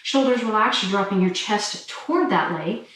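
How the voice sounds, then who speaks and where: A woman fitness instructor calmly talking listeners through a stretching cool-down while doing it herself. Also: medium pitch, normal speed. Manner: calm, encouraging cues while demonstrating stretches. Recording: very echoey room, mic far off.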